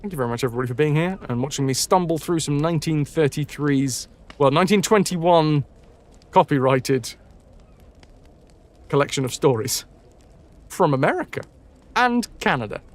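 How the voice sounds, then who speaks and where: A man's voice: fairly high pitch, expressive, normal speed, long pauses. A man reading old campfire stories aloud on a live stream, stumbling over words and breaking off for casual, swearing asides. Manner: casual, swears now and then; jumps between quiet asides and loud, sing-song emphasis.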